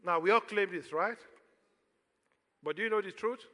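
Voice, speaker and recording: In a large hall, a pastor with a Nigerian accent preaches a sermon in a bright, forceful, high-sitting voice at normal speed. He throws questions out to the congregation for them to answer.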